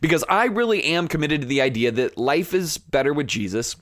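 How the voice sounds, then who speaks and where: A man hosting a podcast, talking in an earnest, conversational way, with fillers and restarts, sometimes growing fired up and animated. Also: fairly high pitch, brisk, no echo. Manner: rising to animated emphasis when fired up. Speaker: podcast host. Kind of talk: impassioned podcast monologue.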